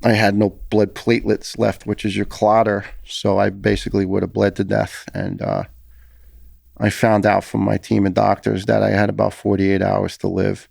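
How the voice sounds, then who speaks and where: A man's voice: on the low side, normal speed, vocal fry, darkish tone, no echo, studio quality. A middle-aged man with a New York accent, a former firefighter telling his story as a podcast guest, talking intensely and earnestly with frequent restarts. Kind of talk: conversational storytelling.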